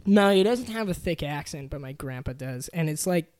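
A man's voice: fairly high pitch, animated, normal speed, a little mellow, clear, resonant tone, no echo, clean studio sound. A young man rambling through stories as a podcast guest, breaking into laughs and leaning on filler words. His voice sits a little above the usual male range. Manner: giggly, rambling with many "like" fillers. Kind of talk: casual chat.

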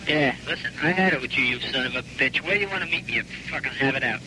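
A man's voice: mid-range voice, fast. A man making a prank phone call, taunting and baiting the person on the line. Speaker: prank caller. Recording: hissy old phone tape.

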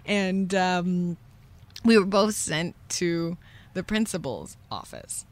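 A young woman with a slightly low voice tells a personal story as a podcast host. She sounds candid and rueful. She slips into quick whispers and loud bursts when she acts out what people said. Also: animated. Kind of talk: confessional storytelling.

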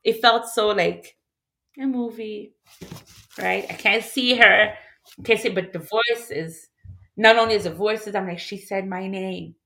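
A woman's voice: medium pitch, unhurried, vocal fry, pauses often, pushed and bright. Woman talking about loss, emotional, lots of "like," casual chat. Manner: emotional, reflective, many "like" fillers. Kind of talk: candid casual conversation.

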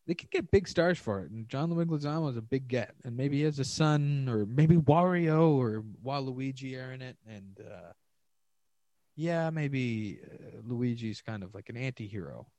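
Man, comedian, solo podcast rant, profane, rambling, mid-pitched voice, dry sound. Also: lively intonation, normal speed, dark tone, dry recording, low-quality recording. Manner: rambling, profane, self-mocking.

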